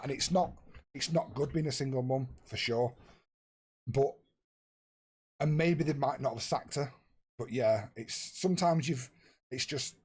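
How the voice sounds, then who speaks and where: A young man with a husky voice, chatting casually and swearing freely with his viewers while he plays a football management game. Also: mid-range voice, darkish tone. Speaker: streamer. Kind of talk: casual live-stream chat.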